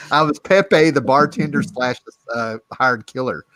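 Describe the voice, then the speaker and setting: A man's voice: mid-range voice, expressive, slow pace, a bit bright, no echo. A man co-hosting a live show, chatting casually and telling stories while laughing through his lines.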